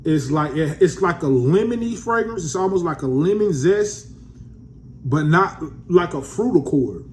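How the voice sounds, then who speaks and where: A laid-back man talks through a fragrance review in a casual vlog. His voice sits a bit high for a man, and he keeps it loose and slangy. A faint hiss runs under the recording. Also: animated, measured pace, darkish tone. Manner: laid-back, slangy, calls viewers family.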